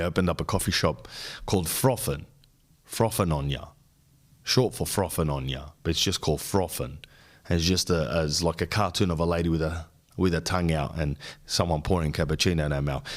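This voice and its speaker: A young Australian man rants crudely and rambles in casual podcast talk. His voice sits a little low. He sounds mock-outraged and comic throughout. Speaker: podcast host. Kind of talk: casual comedic rant.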